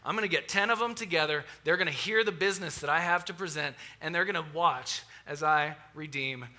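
A preacher putting on a determined man with his mind made up, talking in a brisk, resolute way. The voice sits a little high and is very bright and forceful.

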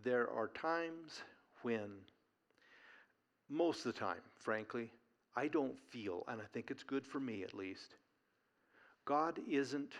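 A male pastor preaching an earnest, folksy sermon during a church service. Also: medium pitch.

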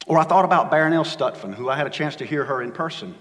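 In a reverberant church sanctuary, a pastor preaches a sermon in an expressive, racing voice. His dynamic delivery swings from loud emphasis to hushed, low lines.

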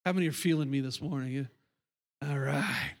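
A man's voice: mid-range voice, a little fast. A man preaching a sermon as pastor to his congregation in church, emphatic and repetitive. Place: church sanctuary.

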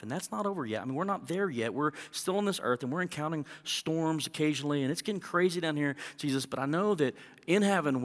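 A man preaches to his congregation and slips into lively acted-out prayers and dialogue. His mid-pitched voice carries a long reverb, as if recorded in a big church sanctuary. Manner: animated, acts out prayers and dialogue with rising pitch. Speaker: pastor. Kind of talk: sermon.

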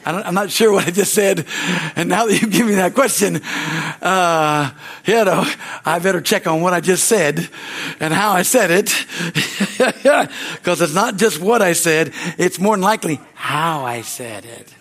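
Older male pastor, folksy conversational sermon delivery, light chuckles, slightly high voice. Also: animated, unhurried, fairly bright tone. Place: church sanctuary.

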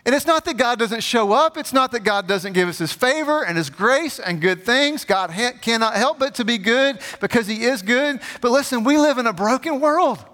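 A man's voice: very high voice, lively intonation, moderate pace, few pauses, bright, forceful tone, long reverb tail. A man preaching a sermon as a pastor, in an emphatic, conversational way, recorded in a church.

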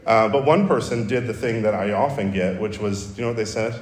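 A pastor preaching a sermon in a conversational, storytelling way, with self-deprecating humor. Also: male voice, on the low side, brisk, hardly any pauses. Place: church sanctuary. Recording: roomy hall reverb.

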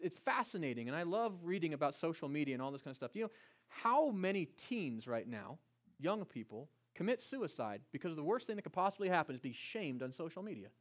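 Guy preaching a sermon, high voice that swings all over, keeps asking the crowd questions. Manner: preaching with rising emphasis and rhetorical questions. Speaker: pastor.

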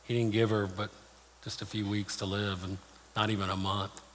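A man's voice: on the low side, little pitch movement, normal speed, a bit bright, slight background noise. A man preaching a sermon as pastor, speaking in a plain, personal storytelling way. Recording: long reverb of a large hall.

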